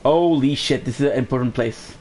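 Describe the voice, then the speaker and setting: A man's voice: medium pitch, a little fast, a little mellow, faint music behind. A man streaming a game live, musing casually and laughing to himself as he plays. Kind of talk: live gameplay commentary.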